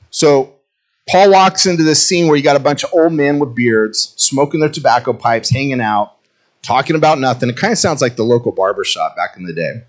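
A man preaching a casual sermon to his congregation, conversational and jokey, with animated asides. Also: medium pitch. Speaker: pastor.

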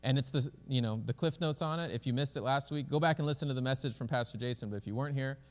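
A male pastor preaches a sermon in a church sanctuary, speaking fast at medium pitch. He's casual and conversational, often restarting his phrases, and a long hall reverb follows his voice.

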